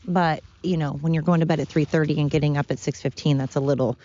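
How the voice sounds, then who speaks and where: A woman's voice: low voice, fairly even intonation, fast, warm tone, dull audio. Winded woman rambling on her podcast. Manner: rambling, self-deprecating, loose. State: out of breath. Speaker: podcast host. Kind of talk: casual rambling monologue. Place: outdoors, walking up a hill.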